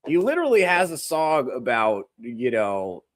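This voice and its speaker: A man's voice: medium pitch, wildly swooping pitch, unhurried, dry recording. A man hosting a comedy podcast, ranting with crude, sarcastic mockery. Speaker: podcast host. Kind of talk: comedic commentary rant.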